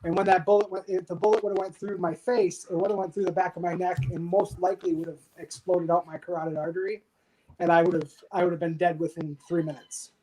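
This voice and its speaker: A man in his thirties from the United States, a podcast guest telling a war story candidly and with dark humor, swearing freely. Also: high voice, little pitch movement, quick pace, background noise. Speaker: podcast guest, army veteran. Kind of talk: casual storytelling interview.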